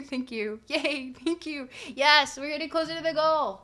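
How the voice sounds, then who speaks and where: A woman's voice: high-pitched, normal speed, few pauses, sharp tone. A young woman streaming live, chatting casually, bubbly and giggly as she gushes thanks to her viewers. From Canada.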